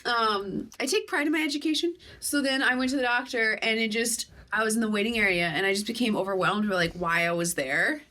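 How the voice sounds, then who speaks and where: A woman in her twenties talking as a podcast guest, telling stories candidly, with some swearing, and acting out her own past thoughts with sudden high jumps in her voice. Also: a little fast, few pauses, pushed and bright. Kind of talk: casual chat.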